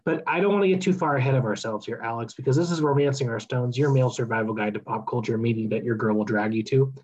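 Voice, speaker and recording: Husky mock-dramatic man. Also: mid-range voice, fast, a little mellow, rough recording. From California. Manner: mock-dramatic, theatrically emotional. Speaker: podcast co-host. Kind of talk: casual podcast chat.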